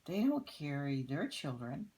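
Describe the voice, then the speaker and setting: An older woman voicing a worried, tearful mother kangaroo in a picture book read aloud, speaking softly and pleadingly. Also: sits low, sing-song, unhurried. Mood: sad. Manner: pleading, soft.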